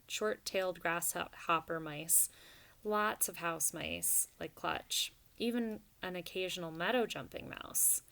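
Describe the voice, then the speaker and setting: A woman narrating a storybook in a steady, even reading voice. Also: on the low side. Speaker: audiobook narrator.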